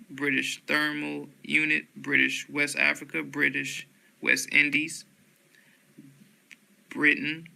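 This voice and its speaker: A man reading dictionary entries aloud one word at a time, with flat, unhurried delivery and occasional stumbles. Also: a little high, gravelly, low-quality recording.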